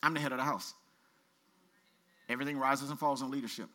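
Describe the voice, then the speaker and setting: A man pastor preaching a sermon, reading scripture aloud with colloquial asides and lively exhortation. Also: mid-range voice, quick pace. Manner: animated preaching, reads scripture aloud with asides and playful voices.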